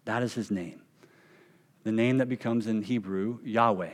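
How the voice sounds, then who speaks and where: A man preaching a sermon as pastor, emphatic, slowing down and dropping to a hush on key phrases. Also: on the low side, steady tone. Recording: long reverb of a church hall.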